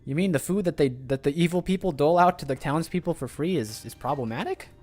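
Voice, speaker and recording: A man's voice: on the high side, fast talker, a little mellow. A male streamer chatting casually over his gameplay, rambling and musing aloud. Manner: rambling, chatty, many fillers and restarts.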